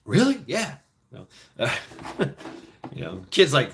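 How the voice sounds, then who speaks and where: A man's voice: fairly high pitch, wildly swooping pitch, slow pace, fairly bright tone, a little hiss or hum. A middle-aged man telling rambling, profane stories in a casual chat, with frequent restarts. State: foot injured, limping.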